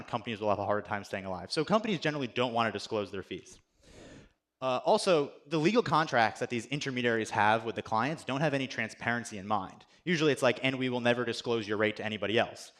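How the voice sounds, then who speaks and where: A young man, a software engineer, giving a casual, chatty conference presentation with lots of "like" and self-deprecating asides. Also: medium pitch. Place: conference stage.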